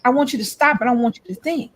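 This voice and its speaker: A woman's voice: high voice, quick pace, fairly bright tone. A woman in casual chat, telling stories and speaking emphatically to her audience. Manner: storytelling, emphatic, lectures trolls. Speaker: co-host.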